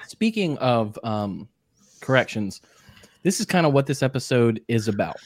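A man's voice: mid-range voice, sing-song, moderate pace, no room sound. A man hosting a podcast in casual chat, joking around and talking while chewing spicy jerky. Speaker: podcast host.

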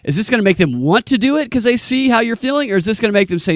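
Male host, casual podcast chat, animated and jokey, slightly high pitch, dry close sound. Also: fast talker, few pauses, dry recording.

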